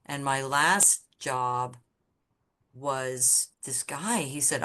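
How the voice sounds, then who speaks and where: Low-pitched woman on a podcast, blunt and candid, swears a lot, acts out what people said. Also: very slow. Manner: animated storyteller who acts out quoted people. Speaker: podcast guest, graphic designer. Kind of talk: casual storytelling interview.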